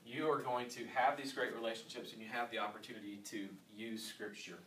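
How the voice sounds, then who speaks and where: A male youth pastor in his thirties preaches earnestly, dropping low and then pushing hard on his points. His voice sits in a middle register and is picked up from a distance in a roomy hall, with faint ambience behind. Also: level tone, a little fast, slight background noise. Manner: earnest preaching, swinging from quiet to loud emphasis. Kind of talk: teaching talk to youth workers.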